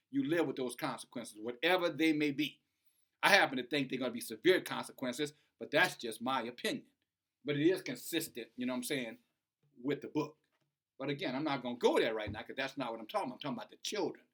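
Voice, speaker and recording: A man's voice: mid-range voice, fairly bright tone. A middle-aged man giving emphatic, repetitive commentary in a preachy vlog. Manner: emphatic, repetitive, rising to heated. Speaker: online commentator.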